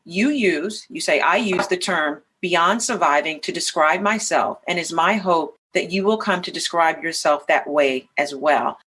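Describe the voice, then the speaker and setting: A woman's voice: on the low side, a little slow, hardly any pauses, fairly bright tone, a little hiss or hum. A woman hosting an interview, a lawyer by trade, reflecting at length before she asks her questions. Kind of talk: interview conversation.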